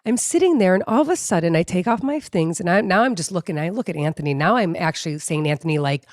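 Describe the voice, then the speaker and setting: A woman co-host tells a story with big, dramatic swings in her voice and plenty of swearing. The voice sits on the low side. It is recorded dry, with no room sound. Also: quick pace, no room sound. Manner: animated, profane, dramatic retelling. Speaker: podcast co-host. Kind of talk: casual storytelling chat.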